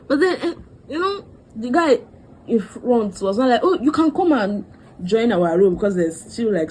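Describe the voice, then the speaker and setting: Young woman, mellow tone, chatty storytelling vlogger; faint noise floor. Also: fairly low pitch, poor audio. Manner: animated, dramatic quoting of others. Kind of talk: storytime vlog.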